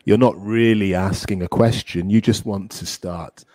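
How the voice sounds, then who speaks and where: A man teaching English grammar in a casual podcast chat, explaining clearly and encouraging his co-host. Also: low voice, steady tone, moderate pace, dark tone, no room sound.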